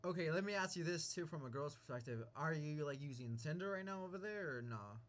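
A young man with a higher, bright voice hosts a casual chat. His pitch jumps around a lot as he asks questions, jokes and swears freely. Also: expressive, a little fast. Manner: curious, swears freely, jokey. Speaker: podcast host.

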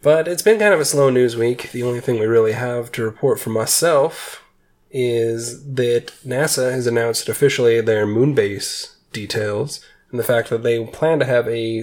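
A man hosting a casual podcast chat, his voice congested and nasal, talking in a chatty, rambling way full of "like" and quick laughs. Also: mid-range voice, a little mellow. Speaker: podcast host.

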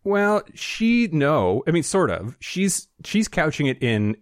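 A man's voice: on the high side, big pitch swings, slow, no room sound. A man co-hosting a podcast in a studio, reading news items with blunt, profane sarcasm. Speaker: podcast co-host. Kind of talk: casual chat, reading news.

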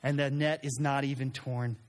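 A man preaching a sermon in an animated way, acting out quoted lines and sometimes restarting his sentences. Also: medium pitch, moderate pace. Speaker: pastor.

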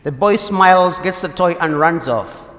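A man giving a Sunday homily, telling a personal story in a conversational way with pauses and restarts, his English carrying small grammar slips. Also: a little high, lively intonation, fairly bright tone, echoey room, long reverb tail. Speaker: priest.

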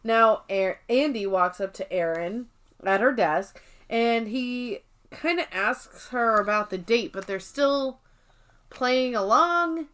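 A woman's voice: a little high, slow, clean tone. A woman co-hosting a podcast, casually recapping an episode and acting out characters' lines with a lot of energy. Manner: animated retelling, acts out characters' lines; swears casually. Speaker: podcast co-host.

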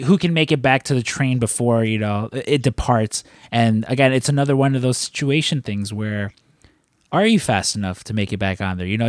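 A man's voice: mid-range voice, dry recording, studio quality. A man co-hosting a casual film discussion, talking in a rambling, reflective way. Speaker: podcast co-host.

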